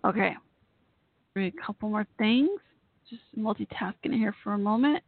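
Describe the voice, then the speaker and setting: This woman's voice is mid-range and gravelly, moving at a normal speed. She hosts a casual live call-in show, chatting amiably and rambling with lots of fillers and restarts, heard through tinny, dry phone-line audio.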